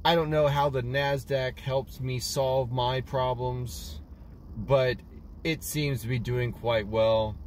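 A man's voice: mid-range voice, background noise. A man doing a rambling, self-mocking mock financial news vlog while driving a car. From Portland, Oregon, USA. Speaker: comedian vlogger. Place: in a moving car.

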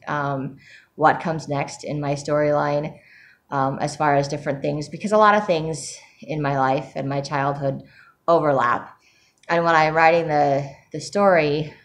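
Low-voiced woman, reflective vlog talk. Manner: emotional, reflective, many fillers and soft laughs. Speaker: vlogger sharing her writing journey. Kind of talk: casual personal vlog.

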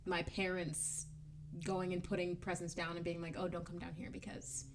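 A young woman co-hosting a casual chat, relaxed, asking questions and laughing often. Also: fairly low pitch, moderate pace, noisy background. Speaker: podcast co-host.

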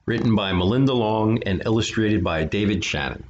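A man's voice: lowish voice, normal speed, a little hiss or hum. A man reading a children's picture book aloud as a storyteller, breaking off for chatty asides to his listeners. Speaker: storyteller for an art studio. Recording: dull lo-fi recording.

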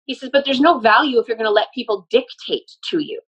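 A woman's voice: on the high side, quick pace, fairly bright tone, breathy edge, low-quality recording. A woman working as a medium, earnestly explaining and relaying messages in casual conversation. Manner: earnest, explanatory, often laughing. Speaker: medium channeling a spirit.

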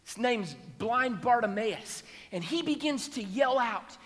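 A man's voice: very high voice, animated, normal speed, hardly any pauses, fairly bright tone, long reverb tail. A man preaching a sermon, telling a Bible story and acting out its people's voices. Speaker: pastor. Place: church sanctuary.

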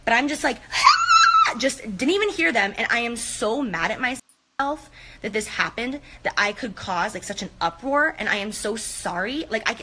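A woman's voice: fairly high pitch, expressive, normal speed, pushed and bright, a little hiss or hum. A woman in an apology clip, rambling and flustered, repeating herself as she talks outdoors. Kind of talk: emotional apology video.

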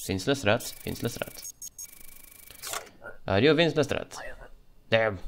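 A man's voice: on the low side, expressive, takes it slowly, vocal fry. A man commenting on his gameplay, playing a border guard in a playful put-on Russian-style voice and muttering as he reads documents. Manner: mutters while reading documents. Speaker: gaming channel host. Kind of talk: let's play commentary.

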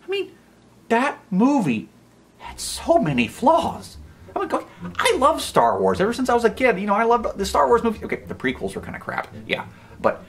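Rambling American guy, wildly lively voice. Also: sits high, a little slow, pauses often, a little hiss or hum. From United States. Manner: rambling, self-interrupting, over-the-top. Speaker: YouTube commentator. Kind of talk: comedic vlog monologue.

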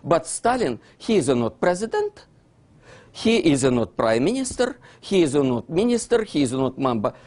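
Speaking in a husky, slightly mellow, sing-song voice at a moderate pace, a Russian-accented man gives an animated lecture. He acts out exchanges between historical figures with wide pitch swings, uses non-native grammar that drops articles, and regularly checks in with listeners.

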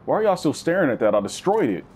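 Animated man doing slangy game commentary. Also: fast talker, a little hiss or hum. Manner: animated, slangy, swings into high-pitched bits and deep growls. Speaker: gaming YouTuber. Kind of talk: casual let's-play commentary.

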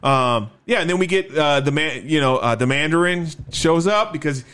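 A man co-hosting a podcast, chatting casually and excitedly about a movie, with frequent swearing and restarts. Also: on the high side, moderate pace, clean tone. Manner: excited, profane, rambling with restarts. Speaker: podcast co-host. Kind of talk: casual movie review chat.

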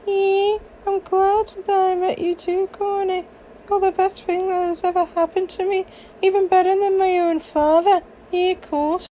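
A performer voicing a kind, apologetic young boy in a fan comic voiceover, talking softly and hesitantly. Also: extremely high pitch, flat delivery, normal speed, slight background noise, voice pushed up. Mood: tender. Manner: soft and hesitant, repeats "yeah, of course".

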